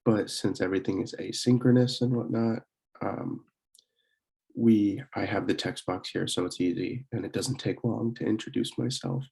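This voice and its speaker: A young man from Pennsylvania giving a casual recorded online lesson, talking with many fillers and slowing down to demonstrate words. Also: on the low side, steady tone, vocal fry, a little mellow. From Pennsylvania, USA. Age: young adult. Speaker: student French club teacher.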